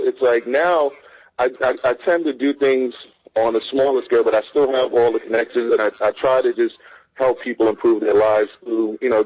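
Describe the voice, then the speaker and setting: A man talks as a guest in a casual interview, in a relaxed and measured way, with plenty of fillers. His voice sits at an ordinary pitch. The recording sounds dull and lo-fi. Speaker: guest, entertainment manager.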